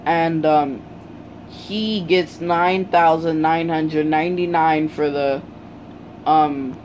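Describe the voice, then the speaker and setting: A storyteller casually retelling a fan story, halting often with ums and restarts. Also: mid-range voice, steady tone, a little mellow, a little hiss or hum, poor audio.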